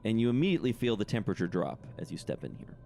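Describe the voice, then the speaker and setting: A man running a tabletop game as game master, narrating scenes and calling for dice rolls in a relaxed way. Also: fairly low pitch, rapid-fire, gravelly, a little hiss or hum.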